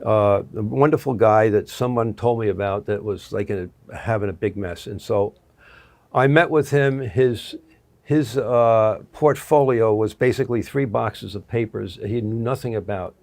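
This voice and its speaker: A man's voice: fairly low pitch, normal speed, gravelly, a little mellow. A middle-aged man, a guest annuity producer, telling stories in an interview, rambling with restarts and acting out quotes. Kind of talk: interview storytelling.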